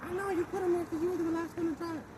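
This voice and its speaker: A man mimicking his angry wife in a high, snapping voice, swearing as he quotes her. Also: fairly even intonation, racing. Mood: accusing. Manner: snapping and profane. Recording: distant mic with loud outdoor traffic noise.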